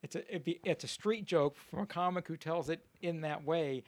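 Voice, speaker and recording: A middle-aged male comedian chatting casually and retelling old jokes with lively delivery. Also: on the high side, moderate pace, no room sound. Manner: animated joke-telling with character voices. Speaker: comedian guest telling jokes. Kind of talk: casual podcast conversation.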